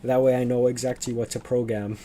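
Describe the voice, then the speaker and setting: A man's voice: mid-range voice, flat delivery, a little fast, warm tone. Rambling, chuckling male streamer. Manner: rambling, chuckling, self-deprecating. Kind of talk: casual live game commentary.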